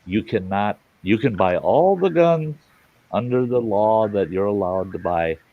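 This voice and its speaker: A middle-aged man hosting a live stream tells stories in a casual, blunt, folksy chat, swearing freely. His lowish voice is animated and unhurried, captured dry on a live stream mic with phone-quality sound.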